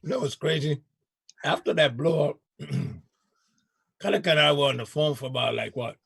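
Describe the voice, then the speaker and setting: A man's voice: a little high, normal speed, vocal fry, fairly bright tone, slightly rough, dry recording. A man hosting a casual chat show, laid-back and slangy, laughing often. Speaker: show host.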